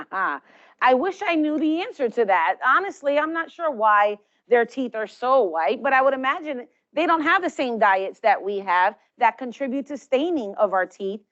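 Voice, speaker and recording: High-voiced woman giving dental tips. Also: animated, normal speed, a bit bright, dull audio. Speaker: dental health presenter. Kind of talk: instructional talk to children.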